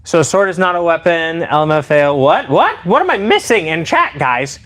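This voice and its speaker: A man live-streaming a demonstration of improvised weapons. He talks to his chat in an excitable, playful way. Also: fairly high pitch, moderate pace. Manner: excitable and playful, addressing viewers directly.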